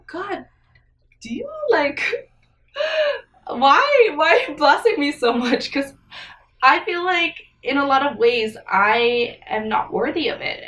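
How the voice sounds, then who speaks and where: A woman's voice: mid-range voice, fairly bright tone, recorded from a distance, a little hiss or hum. A young woman talking earnestly to camera in a personal vlog, often emotional and close to tears. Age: young adult. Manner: emotional, tearful at times, earnest. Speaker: vlogger.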